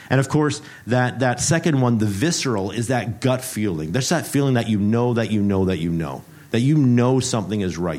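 A man is preaching to his congregation in a playful, joking way and turns a Bible word lesson into a mock game show. He speaks at an ordinary middle pitch and repeats phrases for emphasis. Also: a little mellow. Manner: playful, jokey, teacherly, repeats himself. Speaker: pastor.

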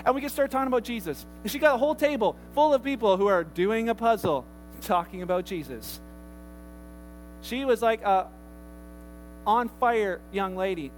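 A man preaching a sermon as pastor in a church, telling stories in a lively way with many restarts and quick asides. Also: high voice, faint music behind, low-quality recording. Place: church sanctuary.

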